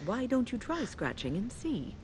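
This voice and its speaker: A stern fantasy healer mage, scolding with dry teasing. Her pitch moves widely, and a faint hiss sits behind the game audio. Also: huge pitch swings, slow pace, heavily acted.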